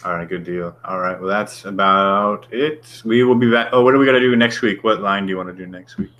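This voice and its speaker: Blunt, foul-mouthed deep-voiced man. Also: brisk, fairly bright tone. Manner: blunt, swears constantly, ranting. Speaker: show co-host. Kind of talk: casual profane chat.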